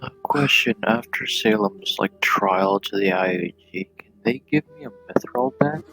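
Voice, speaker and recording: A fairly low-voiced man with a gravelly, creaky voice, teasing his fellow players and swearing freely. Faint music plays behind him. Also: expressive, moderate pace, sharp tone, poor audio. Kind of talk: casual chat before a tabletop game.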